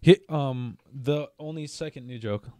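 A man's voice: medium pitch, a little slow, mellow, no room sound, studio quality. A man from the area, rambling through a joke in casual podcast chat and swearing often. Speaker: podcast co-host.

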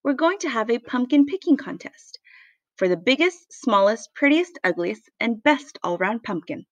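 A woman voicing a patient schoolteacher in a storybook, speaking in a soft, hushed way. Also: on the high side, expressive, normal speed, no room sound, dull audio, close to an everyday voice.

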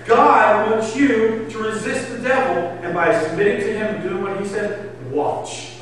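A man preaching a sermon with passion, swinging between loud urging and hushed pleading. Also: very high-pitched, measured pace, distant mic, slight background noise. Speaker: pastor. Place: church hall. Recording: echoey hall recorded from afar.

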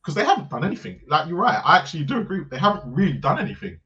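A man's voice: fairly high pitch, very animated, very fast, bright, forceful tone. Laughing man on a dull lo-fi mic. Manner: chatty, laughs often, agreeable. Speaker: football podcast co-host. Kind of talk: casual football debate.

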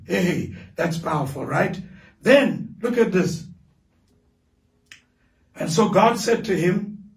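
High-voiced South African preacher in echoey hall. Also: male voice, expressive, takes it slowly, gravelly, long pauses, recorded from a distance. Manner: fervent preaching, builds to shouted declarations. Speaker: pastor. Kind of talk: sermon. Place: large church hall. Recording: echoey hall, voice picked up from afar.

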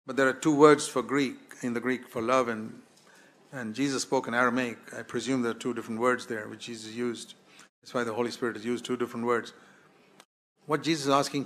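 A man's voice: mid-range voice, fairly even intonation, a little fast, a bit bright. A man preaching a sermon at a church service, earnest and building to fervent exhortation.

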